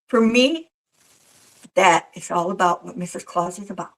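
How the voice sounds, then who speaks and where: A woman's voice: fairly low pitch, moderate pace, low-quality recording. A woman working as a professional Mrs. Claus tells a story in a casual interview, slipping into the voices of the people she describes. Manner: animated storyteller who acts out quoted voices.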